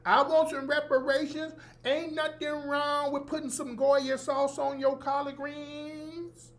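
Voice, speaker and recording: A man mocking a woman politician who puts on a fake Southern preacher voice, stretching words out in a slow, half-sung way. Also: very high voice, flat delivery, a bit bright, voice pushed up.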